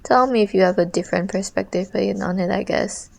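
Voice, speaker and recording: Chatty young woman with a gravelly voice. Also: mid-range voice, a little fast, a little mellow, poor audio. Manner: chatty, rambling, slangy. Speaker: art streamer. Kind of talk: casual chat while drawing.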